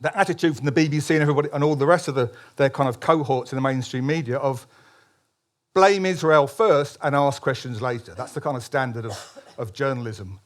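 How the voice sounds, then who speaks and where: A man, a columnist, giving a public speech at a political meeting, emphatic, with frequent restarts and ironic asides. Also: medium pitch.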